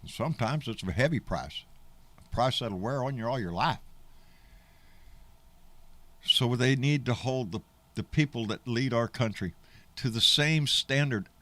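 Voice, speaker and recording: A man's voice: mid-range voice, lively intonation, measured pace, long pauses, fairly bright tone. A middle-aged man, hosting a casual livestream in a rambling, folksy, profane way and answering viewers' comments. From Texas. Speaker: livestream host.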